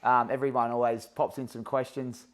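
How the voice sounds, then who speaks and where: Australian man, podcast host, mid-pitched, chatty and matey, casual interview. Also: little pitch movement, moderate pace. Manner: chatty, matey, drawing the guest out.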